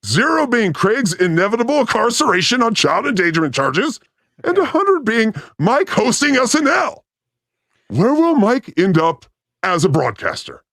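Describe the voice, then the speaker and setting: Guy hosting a podcast, high voice that swings all over, crude teasing jokes. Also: big pitch swings, moderate pace, a bit bright, no room sound, clean studio sound. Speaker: podcast host. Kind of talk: casual comedic chat. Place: studio.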